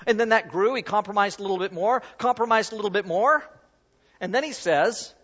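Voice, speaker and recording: A man's voice: sits high, a little fast, a bit bright, breathy edge. A man preaching a conversational sermon, acting out an object lesson as he talks. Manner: conversational, self-deprecating, demonstrates while talking. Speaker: pastor. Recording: dull sound in a reverberant hall.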